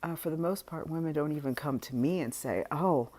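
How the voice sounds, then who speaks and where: This is a woman vlogger in an easygoing monologue aimed right at her audience, her voice deep and low-pitched. She sounds mellow, frank, and in no rush, often laughing and leaving her sentences unfinished.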